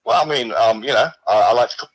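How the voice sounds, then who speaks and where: A man's voice: mid-range voice, quick pace, husky, close to an everyday voice, low-quality recording. A man putting on a matey ghost hand with a fake Australian accent. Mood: laid-back. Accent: put-on Australian. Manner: matey, casual, calls everyone mate. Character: laid-back male ghost of a severed left hand. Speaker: caller. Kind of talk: improvised comedy phone-in.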